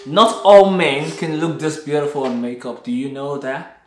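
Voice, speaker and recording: A man's voice: fairly high pitch, normal speed, reverberant. A man co-hosting a comedy vlog with his wife, theatrical and laughing, slipping into playful character voices. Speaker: vlog co-host, husband.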